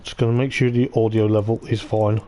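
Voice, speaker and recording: An excitable man commentates a sim race live into his mic, piling on hype and repeating himself. His voice is mellow and warm, growing a little hoarse as he talks. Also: on the low side, a little fast. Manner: excitable, repeats "I tell you what", laughs often. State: voice going hoarse.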